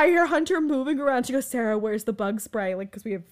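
A woman's voice: fairly high pitch, fast, very noisy. Chatty woman telling a story. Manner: animated, filler-heavy, frequent "like". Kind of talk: casual storytelling chat.

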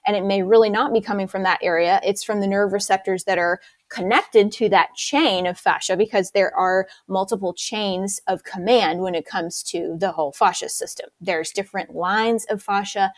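A woman's voice: mid-range voice, steady tone, normal speed, hardly any pauses, dry recording. A woman movement instructor explaining her method in an interview, eager and detailed.

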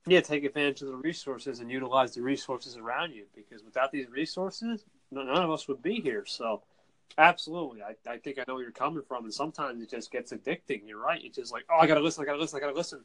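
A man's voice: medium pitch, brisk, bright, forceful tone. A man with a Northeastern US accent, calling in to a casual podcast chat, talking earnestly and repeating himself. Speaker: guest caller.

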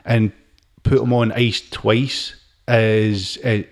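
A man's voice: fairly low pitch, little pitch movement, slow. Chatty man hosting a podcast. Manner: chatty, laughs while retelling stories, says mate a lot. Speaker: podcast host. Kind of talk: casual chat.

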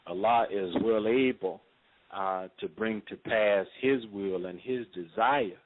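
A man speaks as a radio interview guest in a measured, preacherly cadence, with many pauses and fillers. His voice sits fairly low. The sound is thin and narrow, as heard over a phone line.

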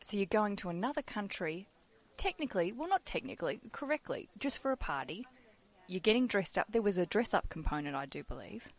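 A woman's voice: mid-range voice, animated. Chatty playful woman podcast host. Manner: chatty and playful, quick asides. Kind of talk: casual chat.

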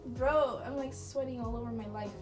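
A woman's voice: fairly high pitch, steady tone, normal speed, over music. A young woman co-hosting a podcast in casual chat, giggly and playful, often breaking into laughter and little songs. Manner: giggly, playful, sings and jokes. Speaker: podcast co-host.

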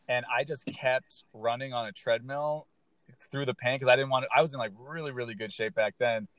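A man who works as a stand-up comedian, chatting casually and telling an animated story, swearing freely and acting out what people said. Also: mid-range voice, dry recording. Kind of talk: casual podcast chat.

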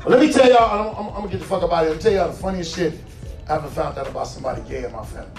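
Forties guy doing standup, high voice, cussing a lot, echoey hall, mic kinda far. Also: very fast, creaky. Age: 40s. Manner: profane, animated storytelling with laughs. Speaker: stand-up comedian. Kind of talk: stand-up comedy story. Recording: roomy hall, distant mic, faint music.

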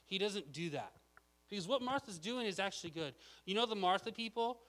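A man's voice: high voice, animated, a little fast, a bit bright, poor audio. A man preaching a casual, chatty sermon, often checking in with "okay?".

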